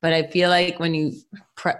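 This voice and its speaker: A young woman comic with a thick Brooklyn accent. She talks loudly with quick wit and pokes fun at herself, her voice pitched a little low. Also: flat delivery. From New York. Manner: loud, quick-witted, self-mocking. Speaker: stand-up comedian guest. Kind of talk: casual comedic chat.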